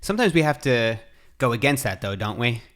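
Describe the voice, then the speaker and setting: A man's voice: mid-range voice, sing-song, fairly quick, fairly bright tone. A man hosting a podcast, asking curious, casual questions in conversation. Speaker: podcast host. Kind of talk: conversational interview.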